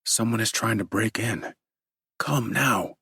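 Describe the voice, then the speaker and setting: A frightened male governor, urgent and breathless, as a male audiobook narrator voices him. The voice stays low-pitched. It sounds close and dry. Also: slow pace, vocal fry, pushed and bright, slightly rough, dry recording, heavily acted. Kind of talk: audiobook character voice.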